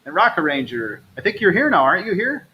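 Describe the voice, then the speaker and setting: A man's voice: high-pitched, sing-song, quick pace, muffled recording, slight background noise. A man hosting a live travel stream, chatting casually and reading out viewer comments in an upbeat way. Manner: chatty, upbeat, addresses viewers as "you guys". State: low energy, recovering from stomach trouble.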